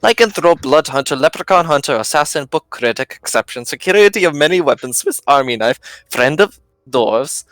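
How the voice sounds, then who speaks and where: A towering wolfkind monster hunter, as a man puts him on, with a put-on German accent, reels off his grand titles with pompous pride. His tabletop-game voice sits a bit higher than usual and swings widely. The sound is dry and close. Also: animated, a little fast, hardly any pauses, fairly bright tone, no echo, faint music behind. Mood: grandiose. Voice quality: grandiose, boastful.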